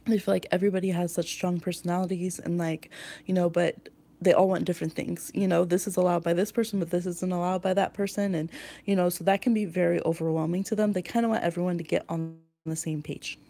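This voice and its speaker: A woman with a fairly low voice that has a gravelly, creaky edge and a dark, mellow tone. She gives a pick-a-card tarot reading. She rambles intuitively and pads her thoughts with fillers. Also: fairly even intonation, fast talker.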